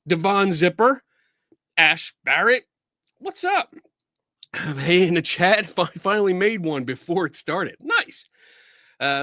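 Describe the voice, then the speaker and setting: Male livestream host, casual chat, excitable, bright tone, very lively pitch. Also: no room sound, studio quality. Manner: excitable, laughing, greeting chat viewers by name. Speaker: podcast host.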